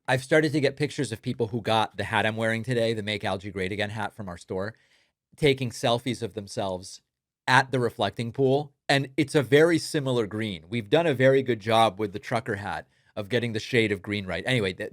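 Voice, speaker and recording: A man's voice: on the low side, no echo, clean studio sound. A man hosting a political commentary show, mocking and sarcastic in his delivery.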